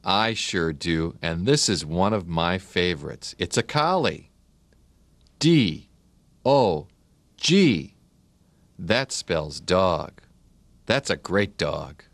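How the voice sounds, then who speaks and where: A man with a low voice narrates a children's learning video, spelling out each word one letter at a time. He speaks very slowly, with a lively, bouncing pitch. The recording is dry and close. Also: no echo. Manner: slow, spells words letter by letter, friendly questions. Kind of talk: scripted narration.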